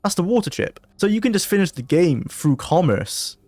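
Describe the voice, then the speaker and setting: A man giving let's play commentary on a mobile game, excitable, with jumpy bursts of panic and frequent laughter. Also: sits high, moderate pace, no echo. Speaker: gaming video creator.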